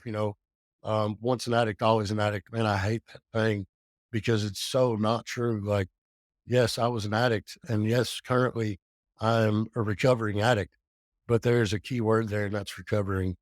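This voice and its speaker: A man's voice: on the low side, steady tone, normal speed, no echo, studio quality. A man in his forties speaking candidly as a podcast guest, earnest and open, with frequent fillers and restarts. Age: 40s. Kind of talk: casual podcast talk.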